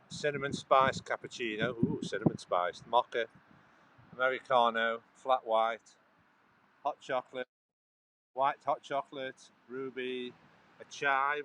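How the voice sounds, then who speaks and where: A man's voice: mid-range voice, noisy background. A man chatting casually on a walking vlog, rambling and restarting his sentences, filming on a handheld phone outdoors and then inside a coffee shop. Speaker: vlogger.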